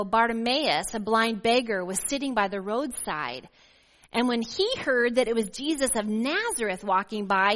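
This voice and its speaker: A woman's voice: on the high side, a bit bright. Woman pastor preaching in a reverberant church. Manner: measured, emphatic reading, slowing on key words. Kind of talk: sermon with scripture reading. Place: church sanctuary. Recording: long reverb of a church hall.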